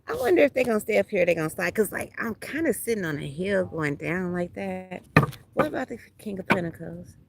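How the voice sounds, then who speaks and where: A woman's voice: lowish voice, brisk, vocal fry, noisy background. A woman, doing a casual livestream tarot reading outdoors at a beach, talking bluntly and profanely to her viewers. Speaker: tarot reader.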